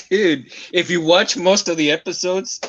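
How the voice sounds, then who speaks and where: A man's voice: high-pitched, unhurried, a bit bright, slight background noise. A man in a casual chat, chiming in with short agreeing remarks. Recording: dull lo-fi sound.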